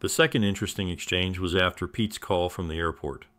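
A man reading a scripted story in an even, measured storytelling manner. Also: low voice. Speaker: narrator. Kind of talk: scripted narration.

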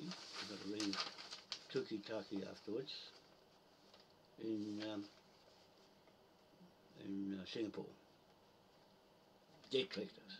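A man's voice: fairly low pitch, normal speed, long pauses, darkish tone, distant mic, a little hiss or hum, rough recording. A man ranting and swearing as he rambles to camera, muttering to himself while he hunts for a note. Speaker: video poster.

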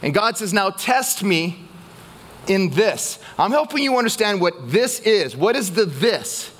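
A man pastor preaching a sermon to his church, asking the congregation questions and pausing for their answers. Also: high voice, fairly bright tone.

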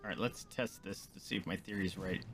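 A man's voice: low-pitched, steady tone, a little fast, noisy background. A man giving let's play commentary as a gaming streamer, swearing and ranting at the game in frustration.

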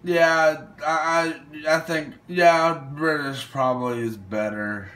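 A man's voice: on the high side, fairly even intonation, slow pace, a bit bright. A young man casually commenting while playing a would-you-rather game, thinking aloud and hesitating over his picks. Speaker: gaming video host.

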